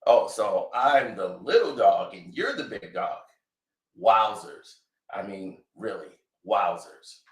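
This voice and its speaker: Man doing a quiet, evasive rapper impression, deeper than his own voice, with room echo. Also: fairly even intonation. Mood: wounded. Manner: low, subdued, measured. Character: impression of a famous male rapper, calm, evasive, soft-spoken. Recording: echoey room.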